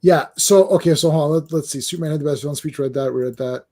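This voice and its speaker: A man hosting a casual comic book chat, animated and often acting out dialogue. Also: a little high, quick pace. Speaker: podcast host.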